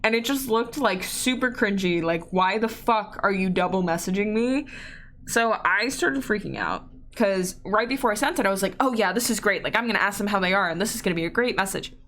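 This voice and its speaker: A woman's voice: medium pitch, expressive, a little fast, fairly bright tone. A young woman hosting a casual solo podcast, rambling and self-deprecating as she acts out bits of her own inner dialogue. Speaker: podcast host.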